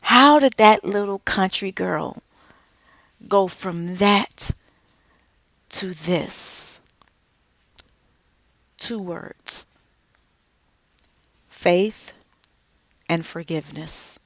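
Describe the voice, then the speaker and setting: A middle-aged woman giving an inspirational speech about her family, slow and emphatic with dramatic pauses. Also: medium pitch, creaky, a bit bright, no room sound. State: tearful at moments. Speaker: author and speaker.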